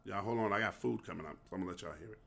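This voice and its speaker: A man's voice: lowish voice, very fast, gravelly, a bit bright. A man hosting a solo podcast, ranting passionately in slang and saying he feels unwell. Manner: impassioned, preachy rant with street slang. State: feeling unwell. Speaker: podcast host.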